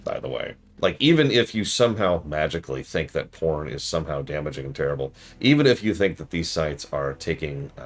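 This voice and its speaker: Man, game streamer, sarcastic ranting commentary, low voice, lively pitch. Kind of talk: casual live-stream commentary.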